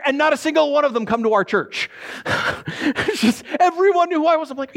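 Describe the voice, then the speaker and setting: A middle-aged man preaching a sermon as pastor, telling stories with a joking, animated manner and quick put-on voices. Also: extremely high pitch.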